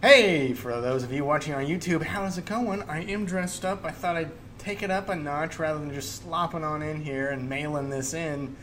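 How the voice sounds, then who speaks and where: A man's voice: fairly high pitch, normal speed, hardly any pauses, fairly bright tone, a little hiss or hum. A man hosting his own show in a jokey, rambling, casual way, with many fillers. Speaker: podcast host. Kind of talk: casual chat.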